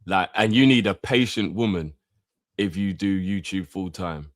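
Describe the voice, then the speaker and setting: A man with a fairly low voice, chatting loosely in street slang as co-host of a football channel. The sound is close and dry, with no room around it. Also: unhurried, dry recording. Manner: laid-back slang, animated when mocking critics. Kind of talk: casual chat.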